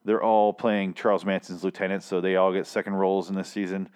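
A man's voice: sits low, level tone, fairly quick, darkish tone, clear, resonant tone. A man recapping a TV episode into his own microphone in a rambling, profane, sardonic way. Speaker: show recap host. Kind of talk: casual TV recap monologue.

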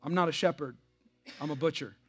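A man's voice: a little high, a little fast, fairly bright tone, soft background music, lightly acted. Man doing a blunt butcher guy, just blurting it out. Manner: blurting plainly. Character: blunt man who drives sheep, a butcher.

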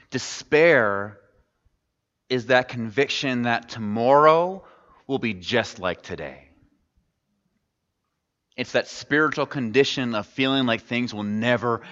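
A male pastor delivers a sermon in a conversational way, putting questions to his listeners. His voice is bright and forceful, and it rings out with a long reverb from a large hall. The recording sounds slightly muffled. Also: medium pitch. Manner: conversational, asks the congregation questions. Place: church sanctuary.

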